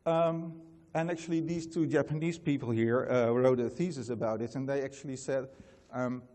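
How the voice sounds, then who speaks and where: A man's voice: mid-range voice, fairly even intonation, normal speed, dark tone. Dutch-accented man, loose conference presenter, reverberant hall. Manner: casual, chatty, many fillers and restarts. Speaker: conference speaker. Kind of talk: conference talk.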